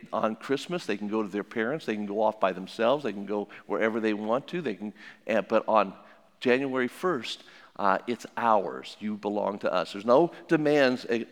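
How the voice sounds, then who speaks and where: An older man, a family counselor, giving plainspoken advice to an audience with stories and repeated maxims. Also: lowish voice. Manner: plainspoken and anecdotal, with many restarts and repeated maxims. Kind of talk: folksy talk with religious advice. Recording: long hall reverb.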